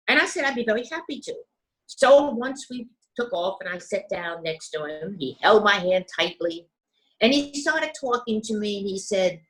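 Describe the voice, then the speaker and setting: Older woman, interview guest, medium pitch, measured storyteller who acts out quoted voices. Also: expressive, a bit bright, rough recording. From United States. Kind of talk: telling her life story.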